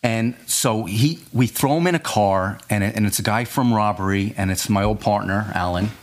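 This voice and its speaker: A man, a former detective, telling a case story in casual chat, animated and often repeating his words. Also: lowish voice, normal speed.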